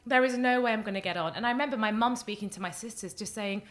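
A young woman talks at a rapid clip with a bright, forceful tone. She tells her story in an animated way, slipping into the voices of the people in it. It sounds like a relaxed podcast conversation. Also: medium pitch. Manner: animated, acts out quoted voices, talks in long excited runs. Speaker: guest, baking contestant. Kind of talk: storytelling in a casual podcast chat.

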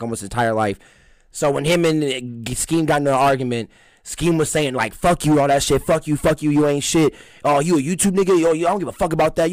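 A man's voice: mid-range voice, no echo. A man chatting casually, telling a long rambling story with lots of exclamations and laughter. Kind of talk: casual chat.

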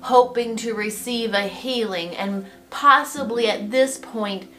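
A woman giving a devotional Bible teaching in a reflective, gently expressive way. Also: fairly high pitch, takes it slowly. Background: soft guitar music.

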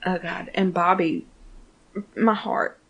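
A woman's voice: on the low side, takes it slowly, creaky, breathy edge, highs cut off. A woman in casual chat, recapping a TV show with lots of swearing and acted-out lines. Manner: animated, swears freely, acts out characters. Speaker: podcast co-host.

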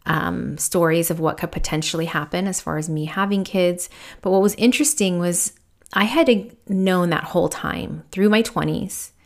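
This podcast host and spiritual medium, a woman in her thirties, tells a story from her own life with an open, thoughtful tone. Her voice is on the low side and peppered with fillers.

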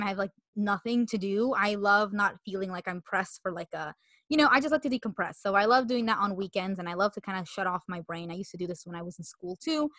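Fast-talking sniffly young woman. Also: mid-range voice, bright, forceful tone, no room sound, clean studio sound. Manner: chatty, rambling, giggly. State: sniffly from a cold. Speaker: podcast co-host. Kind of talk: casual chat.

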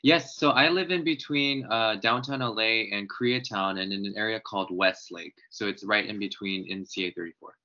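Bright earnest man explaining policy. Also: fairly low pitch. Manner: measured, explanatory, uses organizer terms. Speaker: political guest, former congressional candidate. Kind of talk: earnest policy talk on a podcast. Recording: dull lo-fi sound.

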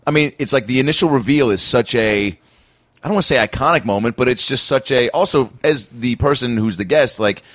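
A man's voice: medium pitch, a little fast, a bit bright, no room sound. A man hosting a podcast who talks in loose, rambling sentences and laughs often. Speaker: podcast host. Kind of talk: casual podcast chat.

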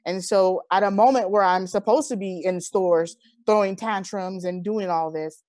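A woman's voice: mid-range voice, normal speed, no echo, clean studio sound. A woman in her thirties, a guest in an interview, telling personal stories in an earnest, heartfelt way. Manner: earnest, heartfelt, animated retelling. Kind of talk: personal storytelling in conversation.

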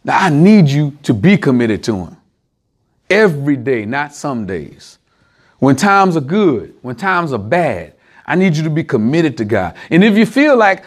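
An energetic man gives an informal sermon to a handful of people, addressing them directly through familiar, everyday examples. He speaks on the high side and fairly quickly.

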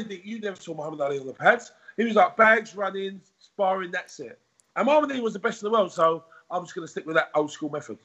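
A man talks as a podcast guest, circling back over his words in a rambling, animated way. His voice sits fairly high and sounds husky. The audio is a little dull and lo-fi. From United Kingdom. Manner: rambling, repetitive, animated storytelling. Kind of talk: casual podcast interview.

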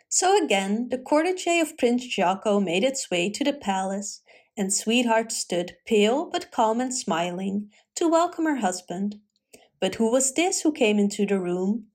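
Woman reading a fairy tale, fairly high. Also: lively intonation, a little slow, darkish tone. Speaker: storyteller. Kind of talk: fairy tale read-aloud.

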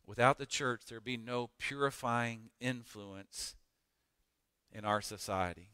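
A man preaching a sermon as pastor, emphatic, with dramatic pauses and rising emphasis. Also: medium pitch, sharp tone, clean tone, dry recording, studio quality, big-room sound.

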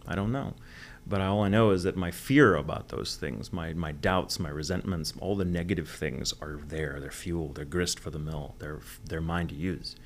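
A man's voice: a bass voice, moderate pace, hardly any pauses, slight background noise. A man from the United States, a voice actor guest, chatting candidly in a rambling interview and swearing freely. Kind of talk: casual interview chat.

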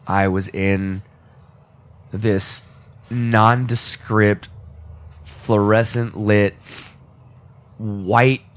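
A man on a podcast telling a deeply personal story in a halting, emotional way, often restarting his sentences and choking up. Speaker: podcast co-host. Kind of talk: personal storytelling in casual talk.

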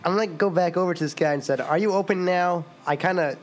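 A man's voice: high voice, quick pace. Eager young man, stammering player. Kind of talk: tabletop game banter.

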